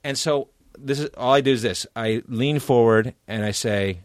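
A man's voice: mid-range voice, normal speed, no echo. A middle-aged man with a mid-range voice spins a comic anecdote for his co-host, loose and profane. He acts out his own panic as he goes. The sound is close and dry, with no room around it. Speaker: podcast co-host. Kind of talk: casual comedic storytelling.

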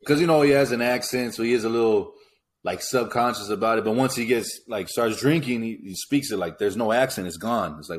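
A man's voice: mid-range voice, fairly quick, a little hiss or hum. A man in his thirties from California with a West Coast Chicano accent, co-hosting a podcast in a laid-back, casual chat and laughing often while he tells stories. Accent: West Coast Chicano English. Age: 30s. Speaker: podcast co-host.

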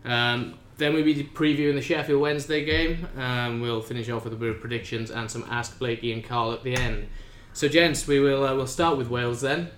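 A man hosting a casual football podcast, introducing segments in a relaxed way with fillers. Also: mid-range voice, a little fast, hardly any pauses, echoey room, a little hiss or hum. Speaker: podcast host.

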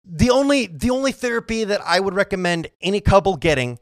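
Co-host type: high-voiced man, swears freely, blunt, dry close sound. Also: big pitch swings, a little fast, no room sound. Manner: profane, blunt. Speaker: podcast co-host. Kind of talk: casual comedic chat.

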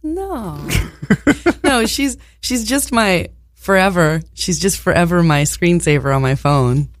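A woman's voice: fairly low pitch, measured pace, dry recording, studio quality. A woman co-hosting a bawdy, casual chat show, talking in a crude, playful way and laughing often. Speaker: podcast co-host.

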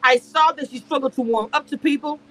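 A woman talks a little fast in a high, somewhat bright voice, and the audio is poor. Ranting about a reality show on her live stream, she sounds exasperated and heated, hammering her points and repeating herself.

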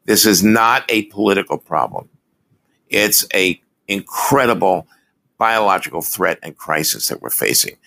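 Low, gravelly man speaking earnestly. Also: expressive, unhurried, sharp tone. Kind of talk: casual political conversation.

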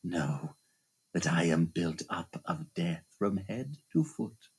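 A man voicing a disfigured, menacing male phantom in an audiobook, speaking slowly in a low, hissing, gloating way with a husky tone. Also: expressive, exaggerated voice. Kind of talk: audiobook reading.

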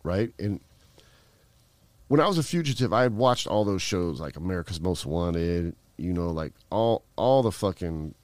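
A middle-aged man tells his story in a loose, rambling way, peppered with swearing and filler words. His voice sits very low, and the recording is dry with no room sound. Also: animated, moderate pace, darkish tone, dry recording. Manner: rambling, profane, heavy fillers. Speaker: guest. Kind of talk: casual storytelling.

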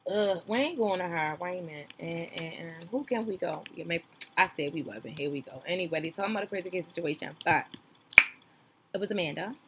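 A young woman hosting a podcast, giving sassy, gossipy reaction commentary on a reality show, loud one moment and mumbling the next. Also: on the low side, a little fast, background noise. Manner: sassy, animated, gossipy, swings between loud outbursts and mumbling asides.

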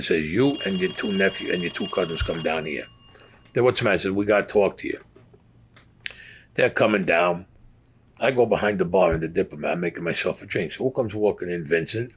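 A man's voice: sits low, fairly bright tone, breathy edge. A man telling blunt, profane stories from his past as an interviewee, acting out the voices of the people he quotes. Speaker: interviewee recounting mob stories. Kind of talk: casual storytelling.

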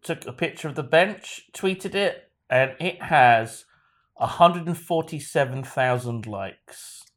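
Wry man, lively pitch. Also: slow. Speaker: podcast co-host. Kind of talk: casual banter.

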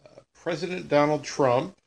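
A man's voice: a little high, normal speed, gravelly. Man reading out casual questions. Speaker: podcast host asking questions. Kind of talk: casual chat.

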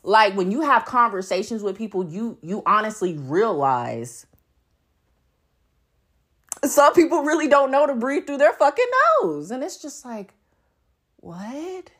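Animated woman podcast host with a widely ranging pitch, blunt, profane and quick to laugh. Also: slightly rough. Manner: animated, swooping delivery. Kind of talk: casual podcast monologue.

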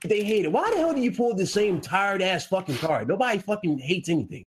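Brief: husky high-voiced man, podcast co-host, combative and profane, very lively delivery. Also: fairly quick. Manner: combative and profane, talks over others. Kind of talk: heated casual debate.

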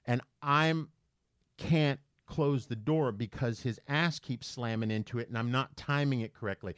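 Animated man telling a story, dry sound. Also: medium pitch, normal speed, no echo. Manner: animated, acts out quoted voices. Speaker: podcast co-host. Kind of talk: casual storytelling chat.

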